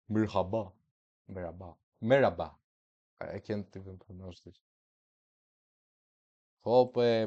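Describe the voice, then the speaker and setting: A man's voice: lowish voice, darkish tone, dry recording, muffled recording. A man giving casual, hyped commentary while streaming a football management game, with playful, slangy trash talk. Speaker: gaming streamer.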